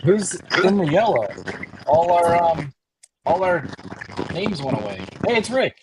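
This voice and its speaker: A man's voice: sits high, very animated, measured pace, background noise. A man co-hosting a live-stream chat, joking wryly and swearing casually.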